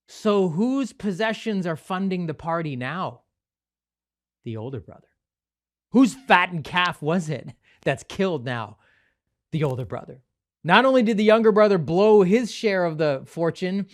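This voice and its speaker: Animated man preaching, slightly high voice. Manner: animated, laughs often, acts out quotes. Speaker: pastor. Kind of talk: sermon storytelling.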